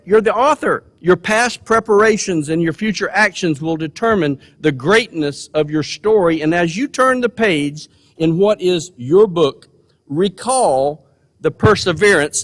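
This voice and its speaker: A man's voice: on the high side, animated, measured pace, a bit bright. An older man giving a folksy, earnest commencement speech, repeating words for emphasis. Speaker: commencement speaker. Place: large college gymnasium. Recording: long hall reverb.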